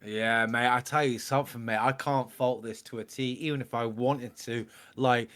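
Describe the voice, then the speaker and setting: A man's voice: mid-range voice, steady tone, moderate pace, a bit bright. Gushing man reacting to music. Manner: gushing, rambling, peppered with "mate" and "bloody". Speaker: reaction video co-host. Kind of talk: casual music reaction chat.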